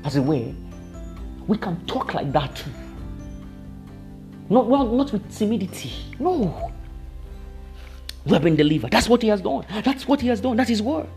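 A woman's voice: medium pitch, a little mellow. A woman preaching a sermon, emphatic and repetitive, often laughing as she talks.

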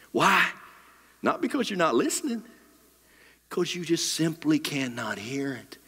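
A man preaching a dramatic sermon into a handheld mic, his voice bright and forceful. He swings from loud, rising lines down to near whispers. His words ring through a big, echoey sanctuary. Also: on the high side, sing-song, a little slow, long pauses, husky. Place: church sanctuary. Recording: long hall reverb.

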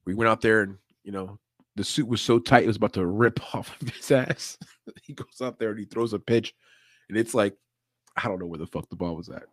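A man's voice: on the low side, a little fast, dry recording, studio quality. Laid-back, cursing male podcast host. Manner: loose, profane, laughs often. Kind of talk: casual livestream chat.

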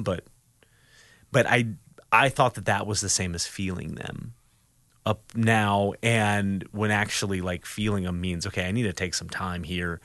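A man hosting a casual podcast chat, reflecting haltingly on feelings. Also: on the low side, fairly even intonation, a bit bright, no echo, studio quality. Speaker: podcast host.

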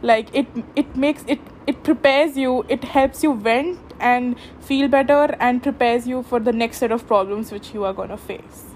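Giggly rambling young woman, slightly high. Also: moderate pace, hardly any pauses, darkish tone, slight background noise. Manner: rambling, giggly, many fillers. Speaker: podcast host. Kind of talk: casual solo podcast monologue. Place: her bedroom at home.

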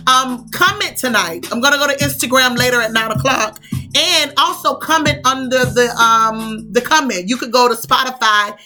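A woman's voice: on the high side, pushed and bright, soft background music. A woman hosting a podcast in casual chat, talkative, laughing often and drawing out her words. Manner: chatty, laughing, drawn-out words. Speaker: podcast host.

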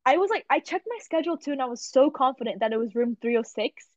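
This young woman podcast host has a high-pitched voice and talks fast, captured in a dull, lo-fi dry recording. Telling stories casually, she's animated, laughs a lot and leans heavily on "like."

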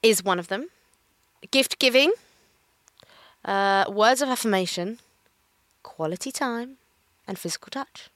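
Young female podcast co-host, bright tense voice, dry close mic, lively storyteller. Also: mid-range voice, unhurried, pauses often, dry recording. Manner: animated storyteller, acts out quoted people. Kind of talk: casual chat.

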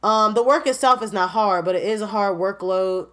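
A woman in her twenties giving a candid, animated personal update on her podcast, laughing often and talking straight to her listeners. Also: medium pitch, moderate pace. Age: 20s. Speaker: podcast host.

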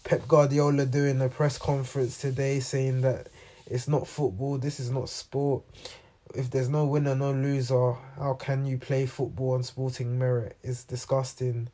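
A man's voice: mid-range voice, level tone, a little slow, warm tone. A man hosting a football reaction channel, talking casually and rambling, with many ums and restarts. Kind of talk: casual unscripted commentary.

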